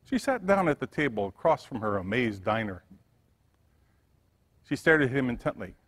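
A male pastor reading a story aloud in a sermon with expressive storytelling. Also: medium pitch, moderate pace, husky. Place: church sanctuary. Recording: church hall reverb.

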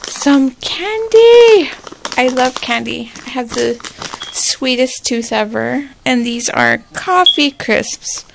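A woman vlogger chatting casually through an unboxing, gushing and excitable, with squealing exclamations. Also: high-pitched, slow, gravelly, noisy background.

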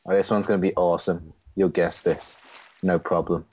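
A co-host of a gaming channel chats casually while playing an online drawing game, drawling, self-deprecating and laughing along. His voice is low, level and a little mellow at a moderate pace, with faint background noise.

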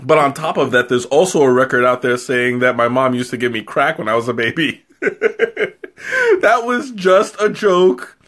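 A man's voice: medium pitch, expressive, normal speed, fairly bright tone. A man tasting tea on a live stream in casual, rambling chat. He giggles often, mocks himself and has a runny nose from spicy tea. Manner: giggly, rambling and self-mocking.

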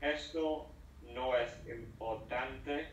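A man's voice: mid-range voice, slow, slight background noise. Hesitant male learner, distant and dull. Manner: hesitant, careful, words come in short chunks. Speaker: student. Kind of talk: answering lesson drills. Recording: dull distant echoey audio.

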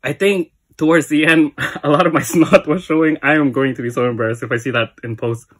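An excitable music video reactor talking casually, saying "y'all" constantly and laughing often, sweaty and teary. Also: mid-range voice, brisk. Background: music video playing.

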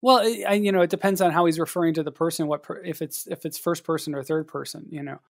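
A man co-hosting a casual writing podcast, talking in a measured, hesitant way with many fillers. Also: on the high side, steady tone, creaky, no echo, studio quality. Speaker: podcast co-host and editor.

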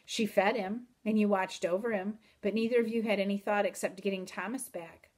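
A woman reading aloud in the voice of a mysterious, teasing wandering man with calm, old-country phrasing. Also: medium pitch, a little fast, lightly acted. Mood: wry. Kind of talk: audiobook reading.

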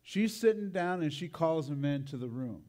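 A man's voice: on the high side, animated, normal speed, darkish tone. A man preaching a sermon, telling a personal story in a conversational way and tagging his lines with "right?" and "man".

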